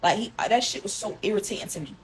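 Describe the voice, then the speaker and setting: A young woman telling a long personal story to her viewers in a casual, rambling way, full of "like" and slang, often dropping into a hushed tone. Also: mid-range voice, fast, a little hiss or hum, low-quality recording. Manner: rambling, heavy filler "like", emotional, addresses viewers as y'all. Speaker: storyteller recounting a relationship.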